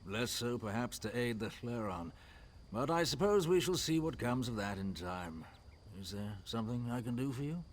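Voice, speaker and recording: An actor voicing a solemn tribal elder who advises a traveler in formal, measured video game dialogue. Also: male voice, medium pitch, animated, slight background noise, lightly acted. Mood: grave.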